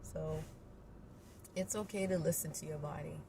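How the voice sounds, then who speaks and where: A woman birth coach gives an encouraging, playful motivational talk, acting out little inner voices. Her deep, creaky voice holds a steady tone at normal speed. The mic is distant, and loud road noise fills the recording.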